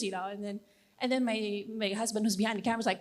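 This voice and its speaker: A woman's voice: medium pitch, fairly even intonation, fast. A woman, giving a conference presentation in a conversational, encouraging way, with plenty of fillers. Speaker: conference speaker.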